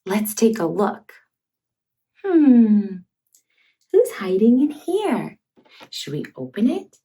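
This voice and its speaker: A young woman hosting a toddler learning video, talking in a slow, exaggerated sing-song way and playfully making animal sounds. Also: mid-range voice, very animated, mellow. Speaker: children's educational host.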